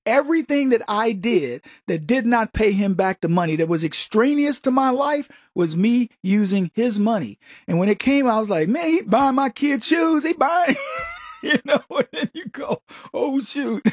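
A man hosting a talk radio show, telling personal stories and giving opinions in a rambling, animated way. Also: high-pitched, slightly rough, no room sound, clean studio sound. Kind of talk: casual talk radio monologue.

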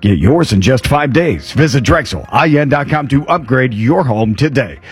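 A man giving a radio traffic report and sponsor read in a brisk, clipped broadcast style. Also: mid-range voice, expressive, husky.

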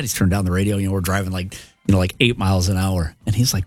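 A man's voice: sits low, level tone, very fast, a little mellow, faint music behind. A middle-aged man in casual chat, telling funny family stories and laughing at them. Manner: laughs at his own stories.

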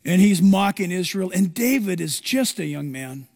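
This preacher's voice sits high and has a creaky edge, moving at a normal speed through a large hall. He dramatizes his sermon's stories, acting out the lines he quotes with animation.

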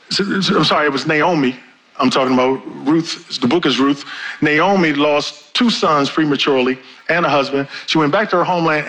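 Middle-aged pastor guy preaching, bright kinda high voice, slows down and speeds up a lot. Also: low-quality recording. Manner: preaching with wide swings of pitch and pace. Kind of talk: sermon.

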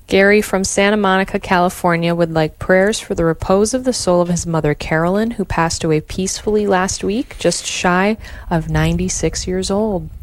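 A woman co-hosting a live radio prayer show, answering each decade of the rosary in measured tones and reading out listeners' prayer requests with a gentle, even delivery. Her voice sits a little low for a woman and is close and dry. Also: no room sound.

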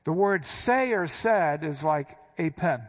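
Pastor, male, a touch high in pitch; expository sermon, explains Greek words, punches the quoted lines. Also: expressive, takes it slowly.

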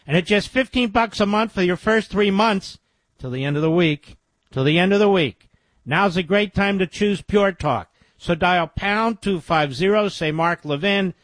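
A man's voice: high voice, a bit bright, dry recording. A man hosting a talk radio show, chatting with a caller and reading an ad in an emphatic, salesy way with mumbled asides. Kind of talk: talk radio chat and live-read ad. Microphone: studio microphone.

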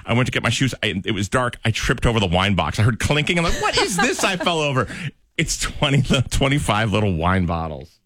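A man's voice: lowish voice, brisk, no echo. A man hosting a morning radio show, telling stories in casual banter and laughing easily. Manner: animated storyteller, laughs easily.

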